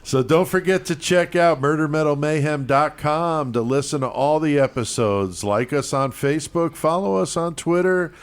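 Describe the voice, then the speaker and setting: A man's voice: fairly high pitch, normal speed, hardly any pauses, clean tone. A man co-hosting a podcast in casual chat, laid-back and profane, running through the show plugs. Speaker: podcast co-host.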